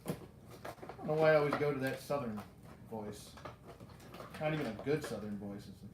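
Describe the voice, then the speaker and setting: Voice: mid-range voice, normal speed, echoey room, background noise. A toy collector chatting casually through a live unboxing, rambling, joking at their own expense and talking to the figures. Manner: rambling and self-mocking, talks to the toys, laughs often.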